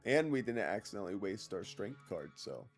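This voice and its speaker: A man's voice: lowish voice, very animated, fairly quick, faint music behind. A man streaming a game, rambling and joking casually as he talks to his chat. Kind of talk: casual gameplay commentary.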